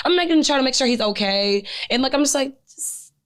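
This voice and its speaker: A young woman co-hosting a podcast, telling a story in casual chat, animated and profane, full of "like" and "I'm like.". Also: high-pitched, fairly quick. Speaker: podcast co-host.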